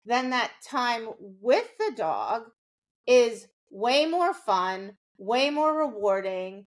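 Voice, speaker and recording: Podcast co-host, a woman with a slightly high voice, explanatory and chatty, tag questions throughout. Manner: explanatory, often adds a tag "right?". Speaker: dog trainer and podcast co-host. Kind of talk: casual podcast conversation.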